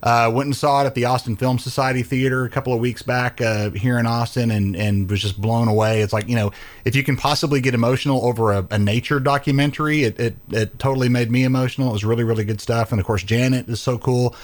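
A man hosting a casual chat, enthusiastic and relaxed. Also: mid-range voice, fast. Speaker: host.

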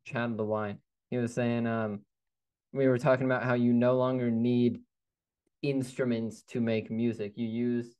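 An easygoing man who hosts a podcast, his voice sitting at a middling pitch. He chats casually and fills his sentences with "like" as he works out what he wants to say. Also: flat delivery, unhurried, darkish tone, clean tone. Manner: easygoing, many fillers like "like". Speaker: podcast host. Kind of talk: casual conversational chat.

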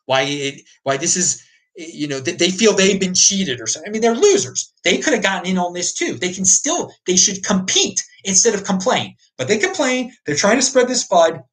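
A man from the United States hosts a crypto livestream, answering viewers with unscripted opinions in a slightly high, fairly bright voice over a rough recording. He rants emphatically off the cuff, repeating himself and restarting often.

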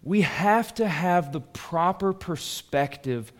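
A male pastor with a high voice delivers a sermon in an animated, conversational style. He reads scripture aloud and talks it through at an unhurried pace.

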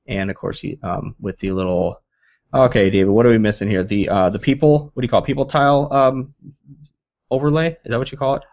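A man's voice: mid-range voice, brisk, darkish tone. A man co-hosting a casual tech podcast, rambling and correcting himself as he jokes along. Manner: rambling, self-correcting, joking. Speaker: podcast co-host. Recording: dull lo-fi dry sound.

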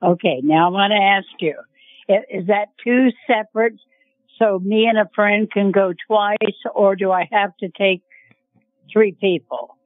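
A woman's voice: mid-range voice, fairly even intonation, unhurried, no room sound. Woman calling in, asking questions casually, tinny phone line sound, dry. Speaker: caller. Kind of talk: phone call to a radio show.

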